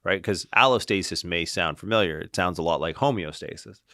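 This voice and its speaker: A man with a very deep voice talks as a podcast guest and clinician. His delivery is animated and casual, full of "like" and "right?", with the odd casual swear. The sound is dry, with no room in it. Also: a little fast, no echo. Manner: animated, tags lines with "right?" and "like". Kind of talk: casual interview storytelling.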